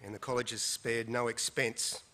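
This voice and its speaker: A man's voice: mid-range voice, little pitch movement, moderate pace, bright, forceful tone, slight background noise. A man from the school staff introducing a guest speaker at an assembly, with dry, joking asides.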